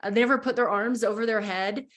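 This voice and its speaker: A woman's voice: medium pitch, steady tone, fast talker, fairly bright tone. A woman guest who teaches spiritual practice, explaining earnestly and encouragingly and voicing inner thoughts as quotes. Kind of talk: explanatory conversation.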